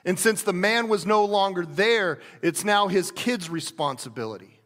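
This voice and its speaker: A pastor preaching in a relaxed, conversational way, often restarting his sentences and acting out quotes. His voice sits high for a man. A long hall reverb trails behind every word. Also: normal speed. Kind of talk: sermon.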